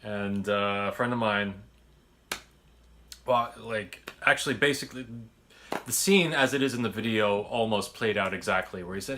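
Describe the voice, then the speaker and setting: A man's voice: on the low side, normal speed, pushed and bright, slight background noise. A man telling a casual story about making his sketch, rambling with lots of restarts and fillers and casual swearing. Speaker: filmmaker recounting his sketch.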